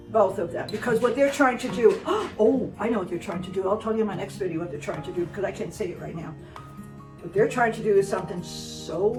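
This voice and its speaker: A woman vlogger giving casual, sarcastic commentary, scolding and repeating words for emphasis. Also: fairly high pitch. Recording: roomy sound, distant mic, faint music.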